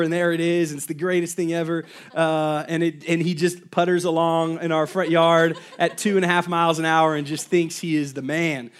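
A man in his thirties preaching a sermon, telling a personal story in a lively way with frequent fillers and asides. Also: on the high side. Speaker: pastor.

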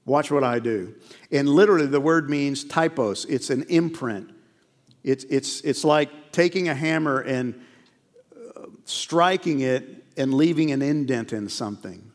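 A man's voice: fairly high pitch, measured pace, long reverb tail. A middle-aged man preaching a sermon in a church, earnest and conversational, full of rhetorical questions. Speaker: pastor. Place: church sanctuary.

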